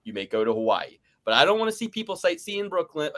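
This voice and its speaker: A man's voice: fairly high pitch, sing-song, fast, pushed and bright. A man from the United States co-hosting a casual sports betting podcast, ranting with mock outrage. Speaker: podcast co-host.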